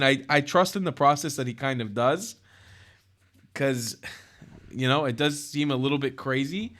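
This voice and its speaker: Brief: male YouTube host, loose and profane, mid-pitched voice, reacting to news clips. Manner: animated, profane and chatty. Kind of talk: casual news commentary.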